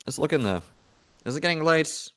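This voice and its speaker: A man's voice: on the high side, animated, a little fast, pushed and bright. A man hosting a casual livestream chat, teasing his guest. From New Zealand. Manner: teasing, sardonic. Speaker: show host.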